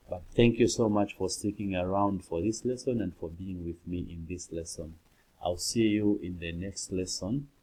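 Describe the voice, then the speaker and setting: A man with a deep, low voice teaches an English grammar lesson at an unhurried pace. He explains patiently, repeating his examples, and throws himself into the sample exclamations with sudden leaps in pitch. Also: husky. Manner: acts out example exclamations with lively jumps in pitch.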